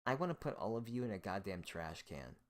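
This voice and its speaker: Male host, low deep voice, profane scornful solo rant. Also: big pitch swings, brisk. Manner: hostile, profane, scornful ranting.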